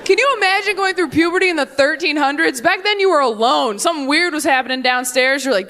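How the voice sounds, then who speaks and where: A young woman performs stand-up comedy on stage into a handheld mic. Her voice sits high, and her delivery is punchy and playful. She drops into teasing put-on voices to act out the people in her stories. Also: fast, few pauses, pushed and bright. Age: young adult. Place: comedy stage before a live audience.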